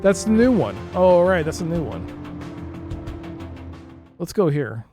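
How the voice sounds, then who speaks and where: An exasperated streamer commenting live on a game, swinging between shouting and laughing. The voice sits mid-range. Faint game music runs behind. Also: medium pitch, sing-song, a little slow.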